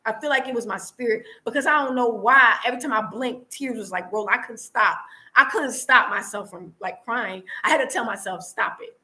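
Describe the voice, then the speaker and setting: Bright-voiced earnest American woman. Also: a little high, a little fast, poor audio. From United States. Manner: earnest, repetitive, many restarts. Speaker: vlogger answering live chat. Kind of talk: casual live-stream chat. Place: home in Tanzania.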